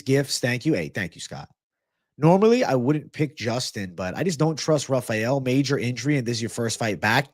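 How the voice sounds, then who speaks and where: A young man with a mid-range voice hosts a live MMA and fitness stream, chatting casually, cursing, and thanking his viewers. The audio is clean studio sound with no echo.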